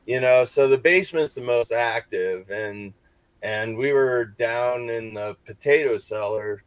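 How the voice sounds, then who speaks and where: A man recounting a hunt for ghosts in loose, conversational talk. He rambles, circling back with fillers and restarts. His voice is mid-pitched and sits close and dry on the mic. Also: measured pace, clear, resonant tone, no room sound. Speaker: paranormal investigator. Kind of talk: casual storytelling on a podcast.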